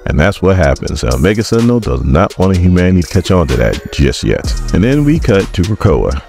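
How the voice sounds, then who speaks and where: A man's voice: low voice, very animated, brisk, creaky, darkish tone, soft background music. A man hosting a casual comic book recap, narrating in a sarcastic, mocking way.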